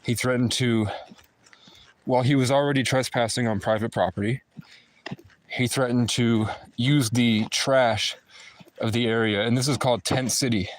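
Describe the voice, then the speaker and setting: A man ranting to his viewers in an aggrieved, fast-flowing monologue. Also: mid-range voice, steady tone. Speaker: vlogger. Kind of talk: agitated monologue to camera.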